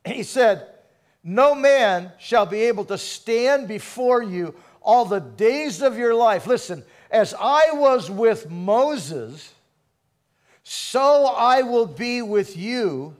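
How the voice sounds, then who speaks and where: High-voiced preaching man. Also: lively intonation, slow pace. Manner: preaching with call-and-response and dramatic swings in volume. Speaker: pastor. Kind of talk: sermon.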